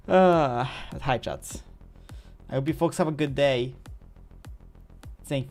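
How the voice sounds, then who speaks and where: A man's voice: medium pitch, fairly even intonation, unhurried, long pauses, a little mellow. A man streaming live, chatting casually with his viewers in a playful, rambling way. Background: faint music.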